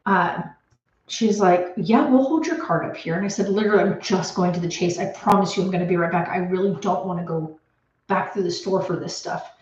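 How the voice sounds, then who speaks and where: A woman's voice: lowish voice, brisk, echoey room, lo-fi sound. A woman vlogging from her home office, retelling a stressful day in a rambling, anxious way with many restarts, emotional and close to tears. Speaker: homestead vlogger. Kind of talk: casual storytelling to camera.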